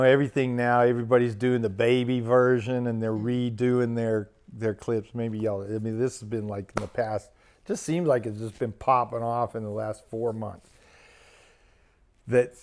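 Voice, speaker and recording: Slow-talking man telling a funny story. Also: medium pitch. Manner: laughs at his own stories, rambling retelling. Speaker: minister and channel host. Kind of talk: casual storytelling chat.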